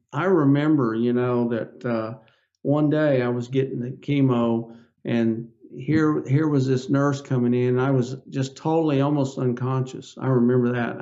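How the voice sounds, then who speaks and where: An older man appears as a podcast guest in a storytelling interview, telling his story earnestly and folksily and acting out the dialogue. His voice is medium-pitched with a dark tone, and the recording is muffled.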